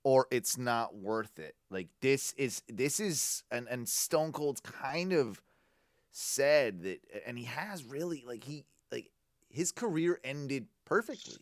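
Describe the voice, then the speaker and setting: A man co-hosting a casual podcast, giving emphatic, opinionated takes and thinking out loud. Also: mid-range voice, expressive, takes it slowly, no echo, clean studio sound. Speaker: podcast co-host. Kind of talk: casual chat.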